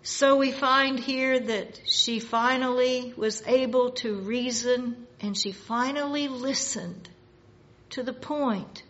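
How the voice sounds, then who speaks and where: A woman preaching a sermon in a slow, measured way, rising in force for emphasis. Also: high-pitched, fairly bright tone, muffled recording.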